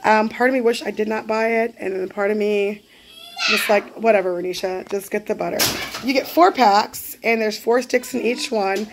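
A woman's voice: mid-range voice, background noise. A woman, a mother of six vlogging casually from her home kitchen at night, chatty and rambling. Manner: chatty, rambling, loses track. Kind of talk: casual vlog chat.

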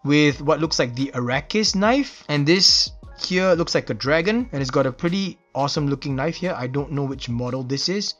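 A man's voice: fairly high pitch, animated, moderate pace, few pauses, fairly bright tone, lo-fi sound, soft background music. A man from Singapore with a Singaporean English accent, casually narrating an unboxing and reviewing details with enthusiastic, admiring exclamations. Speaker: knife reviewer.

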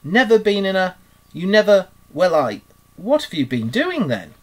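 A man, voicing a genial, dreamy male water rat in a storybook reading, solemn and relaxed. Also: mid-range voice, moderate pace, close to an everyday voice. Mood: hearty.

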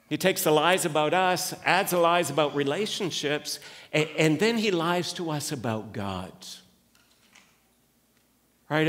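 A male pastor delivers a sermon in a loose, conversational way, acting out little quoted voices and often restarting his sentences. His voice sits somewhat high for a man, and it rings out with a long reverb through the church hall. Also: lively intonation, normal speed, a bit bright. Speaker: lead pastor. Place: church sanctuary.

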